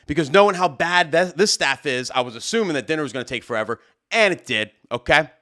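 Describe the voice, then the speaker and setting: Loud animated man telling a story. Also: a little high, fast talker. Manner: loud, animated, acts out both sides of the argument. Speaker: host. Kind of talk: live-stream storytelling rant.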